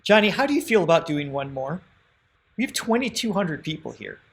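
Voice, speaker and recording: A man's voice: fairly high pitch, big pitch swings, brisk. A man co-hosting a song reaction livestream, chatting casually, laughing often and thanking viewers by name.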